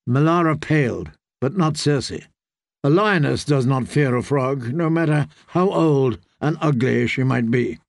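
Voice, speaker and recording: A man reading a fantasy novel aloud in measured storytelling narration. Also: mid-range voice, lively intonation, creaky, dry recording, clean studio sound. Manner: measured storytelling, voicing characters. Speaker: audiobook narrator.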